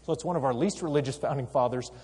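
Male lecturer with a dark, mellow voice. Lively storyteller who quizzes his audience. Hall reverb on the recording. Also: medium pitch, fast talker, breathy edge. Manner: energetic storyteller, asks the audience questions. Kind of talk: history lecture.

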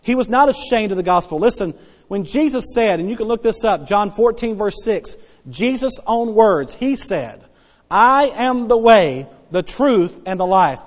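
A man preaching a sermon as pastor, emphatic and repetitive, dropping soft then rising loud to stress his points. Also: high voice, animated, measured pace. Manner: emphatic preaching, repeats key phrases, swings between soft and loud. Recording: long hall reverb.

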